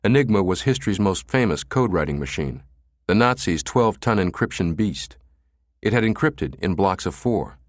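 Expressive male audiobook narrator, low voice. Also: moderate pace, no room sound, studio quality. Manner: dramatic, expressive reading. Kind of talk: scripted narration.

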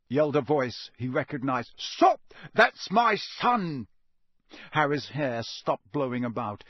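A man reading a novel aloud as narrator, in a dramatic, expressive way. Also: mid-range voice, slightly rough, no echo. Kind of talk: audiobook reading.

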